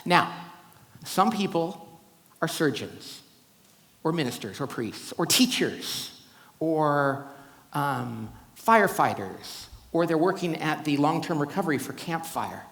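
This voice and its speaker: In a reverberant hall, a man delivers a keynote to a live audience, speaking slowly in a fairly high, creaky voice. He is animated as he tells stories, performing the quoted voices of the characters.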